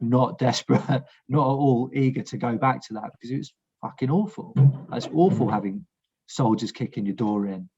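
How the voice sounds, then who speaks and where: Husky-voiced man, blunt and frank. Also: medium pitch, darkish tone, lo-fi sound. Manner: frank, blunt, swears, restarts sentences. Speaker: war veteran guest. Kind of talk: casual podcast conversation.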